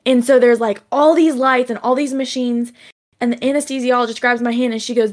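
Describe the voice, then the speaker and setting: Animated young woman telling a story. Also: sits high, brisk. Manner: animated storyteller, acts out quoted voices. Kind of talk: casual storytelling chat.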